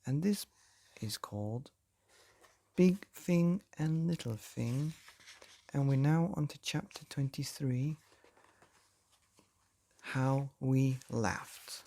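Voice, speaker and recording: A man reading a children's bedtime story aloud with lively, expressive delivery. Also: mid-range voice, takes it slowly, gravelly, pauses often.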